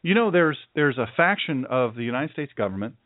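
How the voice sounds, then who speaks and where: A man who is a pastor hosting his own show, preaching forcefully and emphatically, often repeating himself for effect. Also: medium pitch, sing-song, brisk, no room sound. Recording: dry, tinny phone-like sound.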